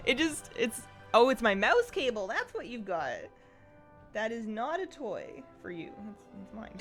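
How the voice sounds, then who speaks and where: A chatty woman streamer with a lively, swooping voice in a middle register, laughing often and cooing at her pets in a sing-song. Faint music plays behind her. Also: medium pitch, brisk. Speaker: game streamer. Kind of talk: casual live-stream chat.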